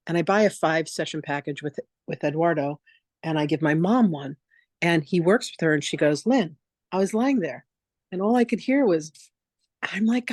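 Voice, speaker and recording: A woman's voice: deep voice, moderate pace, dry recording, clean studio sound. Chatty woman telling a story. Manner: chatty, animated, acts out quotes in a lively voice. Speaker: spiritual teacher hosting a free online masterclass. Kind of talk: casual storytelling on a live video session.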